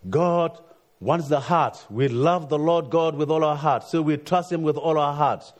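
Halting preacher man, frequent restarts. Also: a little high. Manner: halting, repeats words, frequent "you see". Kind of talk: sermon with personal story.

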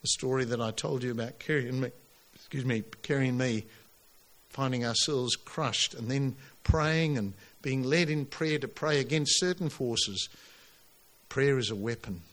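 A man preaching a sermon to his congregation, emphatic and animated, pushing his voice up on key lines. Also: mid-range voice, normal speed. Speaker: pastor.

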